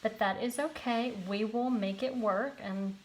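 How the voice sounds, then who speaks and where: A woman's voice: on the high side, a little slow. A woman leading a live card-making tutorial, chatty and encouraging, greeting viewers by name.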